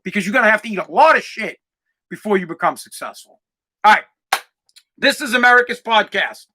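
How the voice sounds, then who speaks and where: A man's voice: sits high, lively intonation, fairly quick, noisy background. A man in his forties hosting a solo podcast, talking in an emphatic, profane, fired-up way. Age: 40s. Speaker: podcast host.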